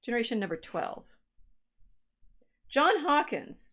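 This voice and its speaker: A woman's voice: medium pitch, moderate pace. Woman, livestream co-host; casual, musing delivery, stops and restarts as she reads old records. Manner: reads genealogy records aloud, musing and self-interrupting.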